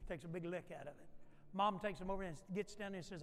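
Male pastor, sermon, emphatic repetition, fairly high voice, long church echo. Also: fast talker, soft background music. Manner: emphatic and repetitive, dropping to soft, quiet passages. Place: church sanctuary. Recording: echoey church sanctuary.

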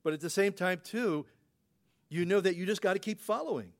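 A man's voice: high-pitched, a little fast. Folksy male pastor preaching conversationally. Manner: folksy, rhetorical questions, frequent "you know" fillers. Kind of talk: conversational sermon.

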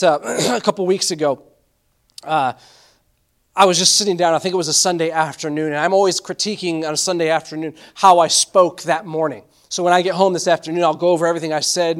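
A man preaching to his congregation in a fairly high voice. He tells stories and acts out the voices of the people he quotes. He restarts his sentences often as he goes. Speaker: pastor. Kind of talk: sermon.

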